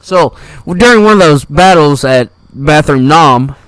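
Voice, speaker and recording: Animated, profane young man storytelling. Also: on the high side, a little slow, poor audio. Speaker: podcast co-host. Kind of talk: casual podcast storytelling.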